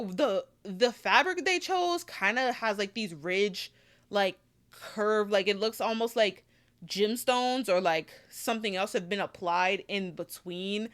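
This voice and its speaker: A woman's voice: medium pitch, a bit bright, clear, resonant tone. A woman giving casual review commentary on a TV show, emphatic and repetitive, with lots of "like" fillers.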